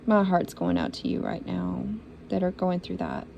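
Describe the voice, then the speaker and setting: A woman's voice: fairly low pitch, big pitch swings, normal speed, gravelly, mellow, dull audio, slight background noise. A woman giving a spiritual reading for zodiac signs, talking in an encouraging, repetitive and emotional way. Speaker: intuitive reader.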